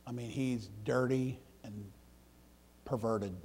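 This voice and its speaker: A middle-aged man, a preacher telling folksy stories in a sermon, swinging between loud outbursts and hushed, near-whispered passages. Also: mid-range voice, steady tone, slow pace, a little hiss or hum. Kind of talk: storytelling sermon.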